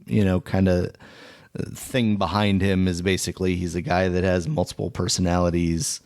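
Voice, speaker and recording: Male podcast co-host, lowish voice, relaxed and steady, casual chat. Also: normal speed.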